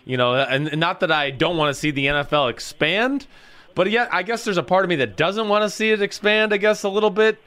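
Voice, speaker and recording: A young man co-hosting a sports podcast, speaking in a hesitant, halting way in casual chat. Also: sits high, bright, forceful tone. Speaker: podcast co-host.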